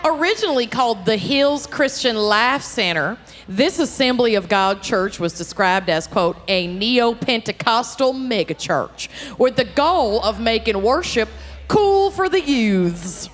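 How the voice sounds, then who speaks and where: A woman's voice: a little high, measured pace. Joking Minnesotan woman onstage. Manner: animated and joking, calling out to the crowd. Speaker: podcast co-host presenting a case. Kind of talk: comedic true-crime storytelling before a live audience. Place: live theater show. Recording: live venue with long reverb and faint noise.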